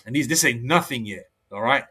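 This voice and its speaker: Guy preaching on his own, rambly and worked up, medium voice, slows way down for scripture. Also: mid-range voice, animated, pushed and bright, breathy edge. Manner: rambling, with frequent restarts; reads scripture slowly, aloud. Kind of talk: solo religious monologue.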